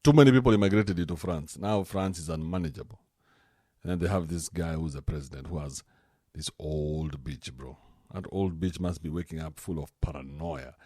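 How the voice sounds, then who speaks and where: A man hosting a podcast, talking in a casual, joking rant with an animated manner. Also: rumbling low, moderate pace, no echo, studio quality. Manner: animated, joking, swings into mocking put-on voices. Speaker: podcast host.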